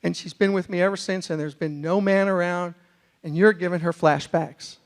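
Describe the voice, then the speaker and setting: A man's voice: high voice, steady tone, normal speed. A man voicing an adult woman who protects her rescued dog, in a plain, matter-of-fact way within a funny story. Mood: explaining.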